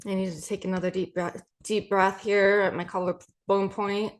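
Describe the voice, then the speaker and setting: Soft-spoken woman coach doing tapping affirmations, slow and gentle with lots of ums. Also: medium pitch, flat delivery. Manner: gentle, repeats affirmations slowly with many ums. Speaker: podcast host and EFT coach.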